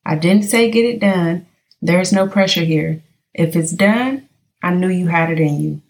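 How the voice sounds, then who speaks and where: A woman's voice: fairly low pitch, a little slow. A woman from California hosting a casual podcast, talking straight to her listeners as she tells stories. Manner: chatty storyteller addressing listeners directly. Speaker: podcast host.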